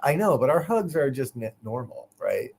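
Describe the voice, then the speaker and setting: A man's voice: mid-range voice, very animated, moderate pace, gravelly, darkish tone, husky. A man co-hosting a live online show, chatting casually in a joking, teasing way. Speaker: co-host. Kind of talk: casual live-stream chat.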